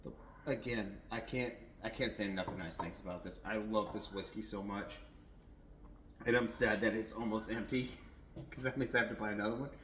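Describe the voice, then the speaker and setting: A man's voice: fairly low pitch, fairly even intonation, normal speed, a bit bright, reverberant, a little hiss or hum, rough recording. A young adult man giving a casual, rambling whiskey tasting review at home, a little tipsy, with lots of fillers and restarts.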